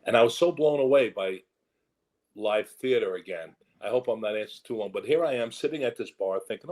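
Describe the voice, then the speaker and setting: A man's voice: mid-range voice, expressive, a little fast, darkish tone, rough recording. An older man with a New York accent, a guest actor telling rambling stories in a casual interview and acting out the voices he quotes.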